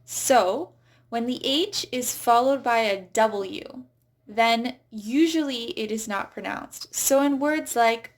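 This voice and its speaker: Brief: female English teacher, unhurried and precise, slightly high-pitched. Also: expressive. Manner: slow, careful, stresses example words. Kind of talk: pronunciation lesson.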